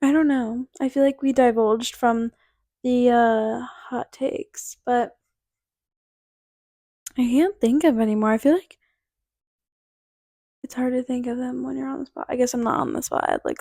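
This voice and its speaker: A woman's voice: fairly high pitch, darkish tone, no room sound, clean studio sound. A young woman in her twenties hosting a podcast, telling casual rambling stories full of "like" and acted-out quotes. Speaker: podcast host. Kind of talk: casual storytelling monologue.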